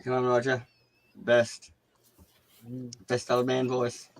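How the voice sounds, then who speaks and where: A man's voice: medium pitch, monotone, slow, gravelly, a little hiss or hum, rough recording. Brief: rambling, chatty male co-host on a live stream. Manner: chatty, rambling, repeats himself. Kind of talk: casual chat on a live stream.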